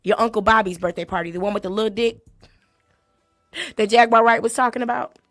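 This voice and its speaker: A woman hosting a comedic vocal critique, sassy and mocking, bursting into exaggerated loud sung imitations. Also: a little high, fairly quick, soft background music. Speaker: host critiquing a singer. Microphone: desk mic.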